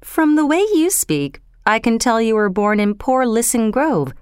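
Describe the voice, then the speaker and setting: A brisk, condescending male speech expert, as a woman reader puts him on. Storybook narration with lively pitch and a smooth, clear voice. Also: no echo, clean studio sound. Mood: confident.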